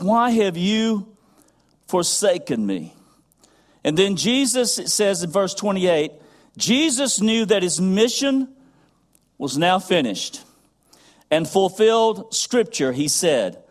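A man preaching a sermon, earnest and building in intensity, repeating phrases as he goes. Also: high-pitched. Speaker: pastor.

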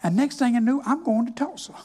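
A man's voice: very high voice, fast talker, warm tone. An older man, a minister giving a folksy, plainspoken, wry personal testimony.

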